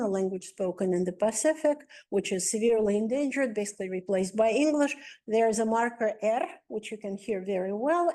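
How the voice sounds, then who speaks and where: Mellow-voiced woman giving a linguistics lecture. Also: mid-range voice. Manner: explanatory, methodical, with frequent "uh" and "um". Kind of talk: academic lecture.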